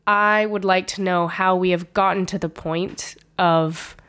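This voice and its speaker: A woman's voice: on the low side, steady tone, measured pace, a bit bright, clear, resonant tone. A woman co-hosting a podcast, reacting with dry, teasing remarks. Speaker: podcast co-host. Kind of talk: casual chat.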